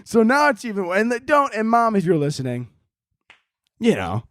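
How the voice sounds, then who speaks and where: A young man hosting a casual solo podcast, telling animated stories with lots of swearing and jokes. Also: sits high, normal speed, no room sound, clean studio sound. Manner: animated storytelling, swearing, joking. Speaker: podcast host.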